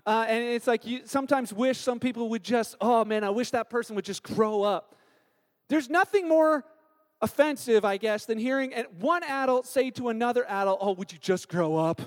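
Pastor guy preaching, very high voice, acts out quotes, big echoey church sound. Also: normal speed. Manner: animated storytelling with acted-out quotes. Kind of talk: sermon. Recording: long hall reverb.

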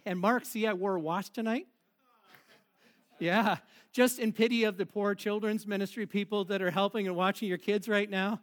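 A man serving as pastor gives a sermon at a moderate pace, his high-pitched voice keeping fairly even intonation. He's playful and jokey, laughing together with the congregation.

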